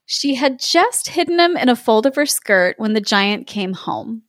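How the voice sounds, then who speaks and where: Woman, storyteller, amused, fairly high voice, dry sound. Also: sing-song, a little slow, no echo. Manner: amused, laughs often while reading. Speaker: storyteller and co-host. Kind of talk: casual storybook reading with chat.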